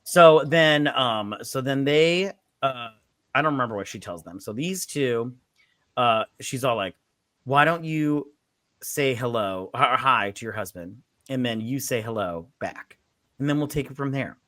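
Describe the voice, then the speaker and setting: Bright-voiced man recapping a movie. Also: mid-range voice, animated, a little slow, no room sound, studio quality. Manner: rambling, retells scenes with quoted voices and swearing. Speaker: movie review co-host. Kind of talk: casual drunk movie review chat.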